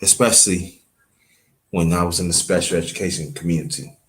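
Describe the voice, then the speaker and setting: A man from Brooklyn speaks. He hosts his own livestream and tells a family story in a rambling, halting way. He keeps breaking off to greet viewers by name. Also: low-pitched. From Brooklyn, New York. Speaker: livestream host.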